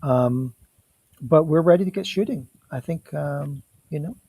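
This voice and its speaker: A man's voice: on the high side, a little slow, warm tone, breathy edge, dry recording, low-quality recording. A man directing a casual production meeting over a video call, explaining plans in an easygoing, reassuring way.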